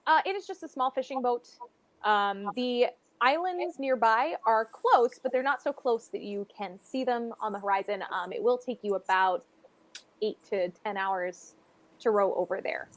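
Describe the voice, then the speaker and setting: High-pitched woman running a tabletop game, chatty and loose, full of fillers. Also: moderate pace. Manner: rambling, loose, many fillers. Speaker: game master.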